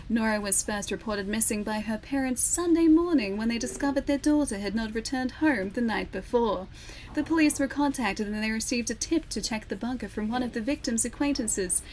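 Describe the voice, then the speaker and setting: A woman voicing a solemn female TV newsreader, nasal and deep, who drags out the ends of words. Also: brisk, a little mellow, slight background noise, lightly acted, rough recording. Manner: drags out word endings, formal.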